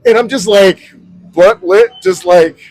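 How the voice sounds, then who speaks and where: A man casually telling a story on a podcast, animated and acting out the people he quotes, swearing freely, recorded on an outdoor city balcony. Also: sits high, a little slow. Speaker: podcast co-host.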